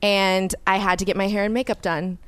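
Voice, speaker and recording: A woman hosts a casual podcast and tells her stories with real animation, slipping into the voices of the people she quotes. Her voice is smooth and clear, recorded close and dry with no room sound at all. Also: medium pitch, fairly quick, no room sound. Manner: animated, acts out quoted people, swears freely. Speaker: podcast host. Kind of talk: casual storytelling chat.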